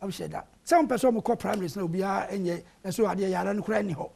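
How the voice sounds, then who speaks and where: Raspy gravelly-voiced studio debater. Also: medium pitch, quick pace, warm tone. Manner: argumentative, mixing Twi and English. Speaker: panel guest. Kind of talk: heated political debate. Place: television studio.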